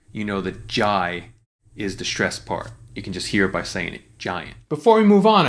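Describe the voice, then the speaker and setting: A man teaching lyric writing in a relaxed, explanatory way, with frequent fillers and restarts. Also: on the low side. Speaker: songwriting teacher. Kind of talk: casual screen-share tutorial.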